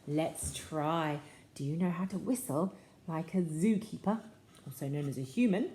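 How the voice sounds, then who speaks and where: A woman's voice: low-pitched, normal speed, mellow, roomy sound, slight background noise. A woman reading a picture book aloud to children in a playful, sing-song way, often asking them questions. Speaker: children's storyteller.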